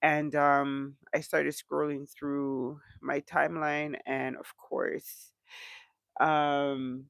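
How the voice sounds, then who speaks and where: A man with a stuffed-up nose chats on a reaction video, slow and gravelly, dropping lots of "um"s. His voice sits a bit high for a man and sounds close and dry. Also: completely flat delivery, fairly bright tone, no echo. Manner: chatty, many "um" fillers. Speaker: reaction channel host. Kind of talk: casual reaction chat.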